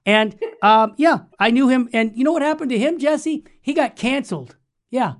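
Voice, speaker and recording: A man's voice: very high voice, lively intonation, normal speed. A man hosting a Catholic radio talk show while fighting a cold, upbeat and preachy as he speaks straight to listeners. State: has a cold.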